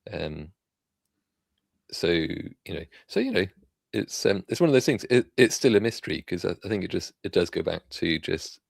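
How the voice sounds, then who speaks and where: A man with a very deep, gravelly voice hosts a live science and tech news stream. He chats casually and rambles, restarting his sentences often. The sound is close and dry. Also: sing-song, normal speed, no echo. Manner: rambling, many fillers and restarts. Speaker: livestream host.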